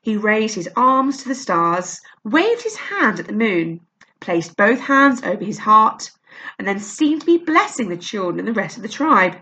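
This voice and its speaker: A woman reading a children's novel aloud, with a lively, expressive delivery. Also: medium pitch, a little slow. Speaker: storyteller.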